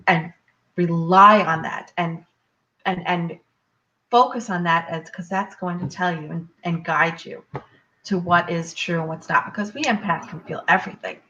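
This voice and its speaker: Bright earnest woman guest in a chat. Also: lowish voice, steady tone, moderate pace. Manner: earnest and explanatory. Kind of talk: casual chat. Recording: dull lo-fi recording.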